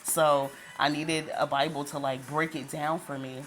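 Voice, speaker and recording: A woman's voice: sits low, flat delivery, unhurried, fairly bright tone. A woman giving an emotional personal testimony as a vlogger, tearful at times, who repeats herself and talks straight to her viewers. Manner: talks straight to viewers, addresses them as "y'all". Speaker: vlogger sharing a faith testimony. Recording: background music under the voice.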